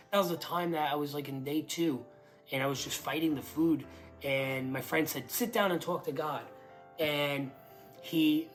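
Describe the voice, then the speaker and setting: A young man with a medium-pitched voice gives a casual spoken testimony. He rambles, restarts, and says "like" constantly, bursting with excitement as he relives certain moments.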